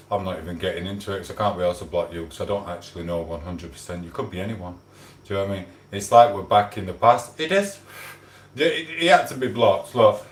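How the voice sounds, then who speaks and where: A man hosting a casual livestream at home, chatting and greeting viewers by name. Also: low-pitched. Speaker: livestream host. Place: room at home. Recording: echoey room.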